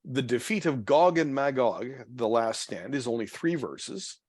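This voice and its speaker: A man's voice: medium pitch, expressive, measured pace, a little mellow, slightly rough, dry recording, clean studio sound. A man leading a church Bible study, talking off the cuff with many fillers, restarts and trailing phrases. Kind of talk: unscripted Bible study talk. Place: church meeting room.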